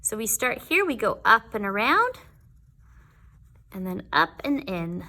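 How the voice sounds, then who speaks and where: A woman teaching young children their letters in a patient, sing-song way, sounding out each letter slowly. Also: medium pitch, big pitch swings, bright, forceful tone. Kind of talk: teaching a children's alphabet lesson.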